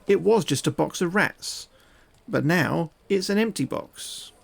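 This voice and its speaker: A man's voice: on the high side, expressive, unhurried, vocal fry. A man streaming, reading a gamebook aloud and making crude, joking asides.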